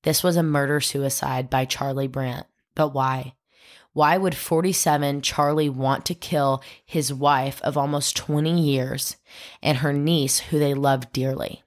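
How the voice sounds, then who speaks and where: A woman's voice: very deep voice, fairly even intonation, a little slow. A woman podcast host telling a true crime story, dramatic and acting out the quoted voices.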